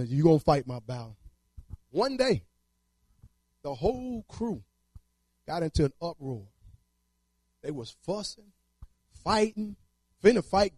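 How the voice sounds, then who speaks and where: A man's voice: on the high side, darkish tone, no room sound. A man telling his testimony in church, storytelling with fervor and colloquial speech. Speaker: testimony speaker.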